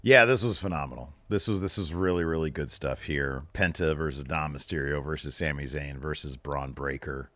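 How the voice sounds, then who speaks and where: A man co-hosting a casual wrestling recap show, retelling backstage scenes with lively storytelling. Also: extremely low pitch, normal speed, hardly any pauses, no room sound. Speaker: podcast co-host.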